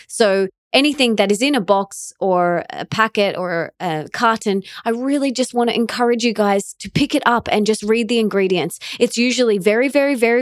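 Female podcast host, earnest and encouraging, mid pitch, dry studio sound. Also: dry recording. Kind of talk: conversational podcast interview.

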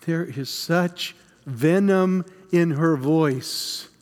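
A man playing the frightened, guilt-stricken apostle Peter in a dramatic first-person monologue, halting and stammering over his words. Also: on the high side, long reverb tail. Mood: ashamed.

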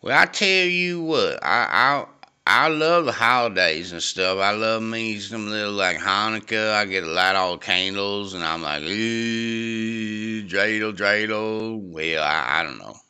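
A man's voice: lowish voice, lively intonation, unhurried, bright, forceful tone, clear, resonant tone, heavily acted. A man putting on a drawling hillbilly good old boy. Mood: rambling. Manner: rambling, drawling, crude. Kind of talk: improvised comedy podcast bit.

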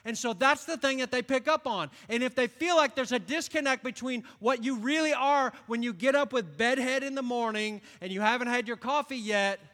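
High bright-voiced preacher in an echoing hall. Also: male voice, brisk, hardly any pauses. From upstate New York. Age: late 50s. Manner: animated storytelling, acts out quoted voices. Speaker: pastor. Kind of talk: sermon. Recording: long reverb of a large hall.

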